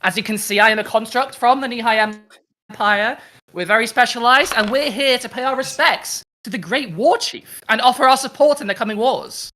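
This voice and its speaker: A woman voicing a formal female construct envoy in a tabletop game, speaking in a courteous, flattering way. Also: a little high, normal speed, voice pushed up, natural voice.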